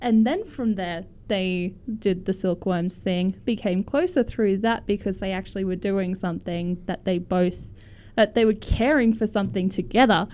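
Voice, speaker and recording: A woman's voice: mid-range voice, normal speed, few pauses, darkish tone. A young woman co-hosting a casual chat about books, rambling a little and laughing as she reacts to reviews. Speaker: co-host of a book talk.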